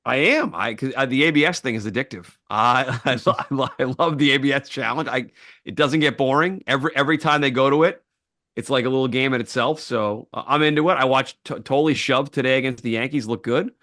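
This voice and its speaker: A man co-hosting a casual sports podcast, talking in an animated, fired-up way with frequent restarts. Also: medium pitch, fast talker, no echo, clean studio sound. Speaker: podcast co-host.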